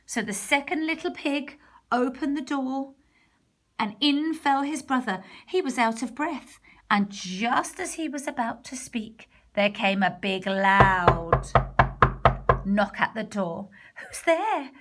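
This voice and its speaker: A woman narrating a storybook in a soft, partly whispered voice. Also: high voice, a little slow, heavy background noise. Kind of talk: storybook reading.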